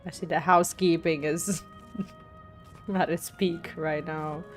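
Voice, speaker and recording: A woman's voice: deep voice, fairly even intonation, takes it slowly, faint music behind. A woman gaming streamer giving casual let's-play commentary, chatty and reactive, laughing often.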